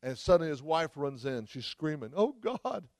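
Speaking a little fast in a medium pitch, this traveling preacher gives an impassioned church sermon punctuated by frequent shouts of hallelujah. The recording is dry and studio quality.

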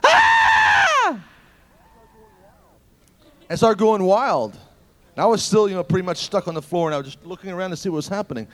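A man preaching a sermon, telling stories in an animated way that swings from loud exclamations to hushed asides. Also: fairly high pitch.

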